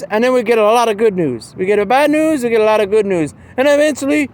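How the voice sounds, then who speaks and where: Man, very high voice, meandering casual monologue, loads of fillers, outdoors in town. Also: fast, few pauses, darkish tone. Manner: meandering, with constant fillers like "man" and "you know".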